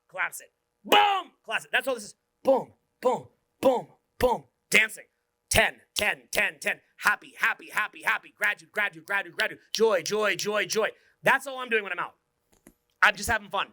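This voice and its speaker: A man in his forties giving a profane, intense motivational seminar talk as a dating coach, swinging from whispers to shouts. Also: high-pitched, no echo, studio quality. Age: 40s.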